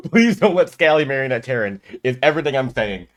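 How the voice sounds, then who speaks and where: A man's voice: medium pitch, sing-song, normal speed. A man hosting a streamed social deduction game as storyteller, chatting casually and laughing easily. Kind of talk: casual game-night chat.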